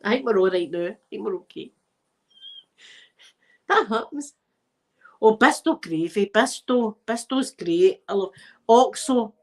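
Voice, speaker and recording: A Scottish woman who hosts an ASMR channel chats with viewers on a casual livestream from home, rambling and laughing through a blocked nose while faint music plays behind her. Her medium-pitched voice is expressive and a little slow, with long pauses. The recording is rough.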